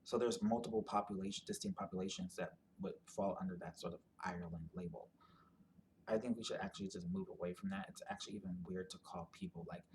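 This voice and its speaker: A man with a fairly low voice talks through a topic off the cuff, circling back and restarting his sentences. He leans on filler words as he works out his points, and a faint hiss sits under the recording. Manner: rambling, full of "like" and restarts. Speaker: commentator on genetic ancestry. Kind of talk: casual explanatory monologue.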